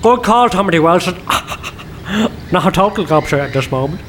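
A man's voice: sits high, animated, normal speed, fairly bright tone, a little hiss or hum. A man playing a sly, swearing detective, teasing in a comedy sketch. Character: cheeky, foul-mouthed detective, sly mischief-maker.

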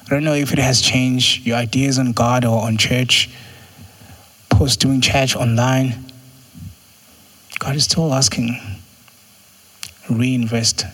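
A man's voice: fairly even intonation, measured pace, long pauses, a bit bright. A man preaching a sermon in a conversational way, acting out little quoted exchanges. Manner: conversational, acts out quotes with jumps in pitch.

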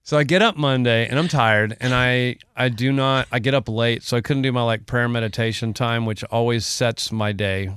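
A man co-hosting a casual podcast, winding through a long personal story with emotion and easy laughter. His mid-pitched voice is smooth and resonant, recorded close and dry. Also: steady tone, moderate pace, hardly any pauses, a bit bright, dry recording. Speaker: podcast co-host. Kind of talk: casual chat.

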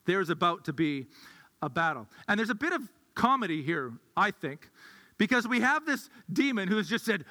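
A man's voice: sits high, lively intonation, normal speed, sharp tone. A male pastor giving a sermon in a conversational way, thinking aloud with restarts, heard in an echoey hall.

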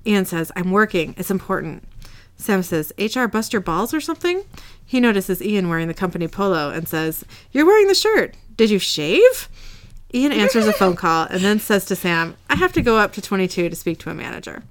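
A woman's voice: mid-range voice, animated, a little fast. A woman co-hosting a casual podcast at home, retelling show scenes, reading lines plainly and laughing often. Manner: retells scenes, reads quotes in a plain voice, giggly. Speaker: podcast co-host recapping an episode. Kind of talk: casual chat and episode recap. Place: home room.

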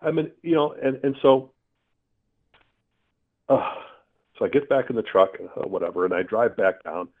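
A middle-aged man, a guest telling a personal story in an earnest, animated way. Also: mid-range voice, normal speed, pauses often. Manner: earnest, animated storyteller acting out his own asides. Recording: tinny phone-line sound.

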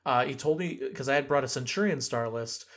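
Young male podcast host, casual storyteller, lots of fillers, mid pitch. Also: fairly quick, a bit bright. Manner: rambling, many fillers and restarts.

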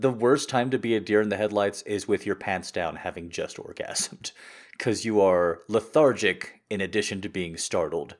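Joking low-voiced male podcast host. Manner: chatty, jokey, sincere sign-off. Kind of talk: casual Q&A chat.

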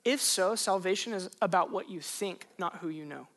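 A pastor delivering a sermon in a relaxed, conversational voice. They lean on rhetorical questions and repeat key phrases for emphasis. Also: mid-range voice, moderate pace.

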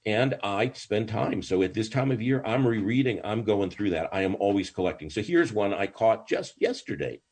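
An older man, a rabbi, telling stories in a podcast interview in an animated way, with many false starts. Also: on the low side, normal speed, hardly any pauses, breathy edge.

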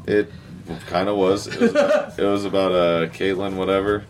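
A man in casual podcast chat, telling a plot recap in an animated, profane way. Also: deep voice, moderate pace, background noise.

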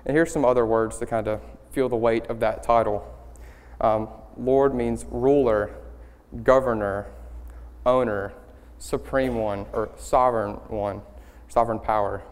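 Young guy preaching in church, smooth clear voice, lots of ums, long hall echo. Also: lowish voice, steady tone. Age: young adult. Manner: halting, many ums and restarts, earnest. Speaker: student speaker leading worship. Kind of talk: church sermon. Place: church sanctuary.

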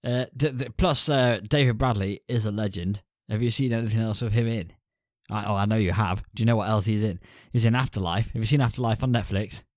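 On a casual film review podcast, a male co-host banters crudely and wanders into rambling asides. His voice is lowish and a little fast, recorded clean in a studio with no echo.

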